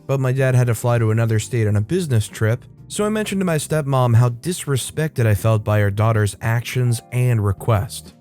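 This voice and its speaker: A man narrating a written story in a steady, even read. His voice sits in a middle range for a man. Soft music plays faintly behind him. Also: medium pitch. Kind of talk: scripted narration. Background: faint background music.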